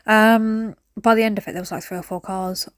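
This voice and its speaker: A woman's voice: mid-range voice, steady tone, brisk, no room sound, studio quality. A woman, chatting through a cleaning vlog at home, rambling between stories and sudden whispered asides. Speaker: cleaning vlogger. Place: at home, indoors.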